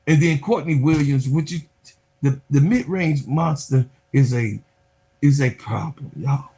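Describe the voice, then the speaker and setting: A man hosting a sports podcast, giving excitable, loud, casual commentary and talking straight to his viewers. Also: medium pitch, unhurried, husky. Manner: excitable, loud, chatty, talks to viewers as y'all.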